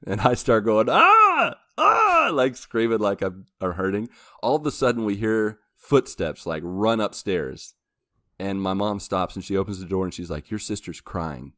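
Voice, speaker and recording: A man's voice: on the low side, normal speed, dry recording, clean studio sound. A young man hosting a podcast, telling a long story in casual chat, acting out quotes and laughing along the way. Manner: rambling anecdote with laughs and acted quotes. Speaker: podcast host.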